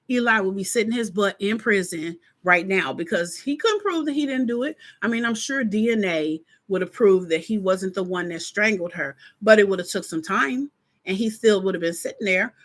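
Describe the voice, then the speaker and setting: A woman hosting a live stream in casual chat, talking straight to her viewers and acting out her own reactions. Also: medium pitch. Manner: chatty, animated, acts out her reactions; informal, talks straight to viewers.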